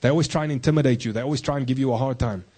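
A mellow, husky-voiced man preaches as pastor. Rhetorical questions go out to the congregation, and important points come slower and lower.

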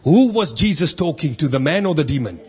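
A man's voice: on the high side, big pitch swings, fairly quick, a little mellow. A man preaching a sermon in church, emphatic, asking rhetorical questions and reading scripture aloud.

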